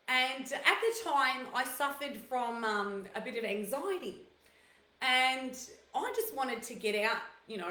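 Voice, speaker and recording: A chatty woman host telling personal stories and giving relationship advice in a loose, rambling way. Her voice sits a little high, and the room around her adds a noticeable echo. She fills gaps with "you know" and "like" as she goes. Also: fairly bright tone. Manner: chatty, storytelling with fillers and quoted asides. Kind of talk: casual chat. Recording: roomy echo.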